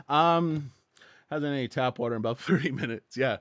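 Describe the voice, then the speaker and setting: A man's voice: medium pitch, moderate pace, no echo. A man hosting a casual stock livestream from his office, rambling and joking with some profanity, his mouth dry and his voice cracking. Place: hot indoor office.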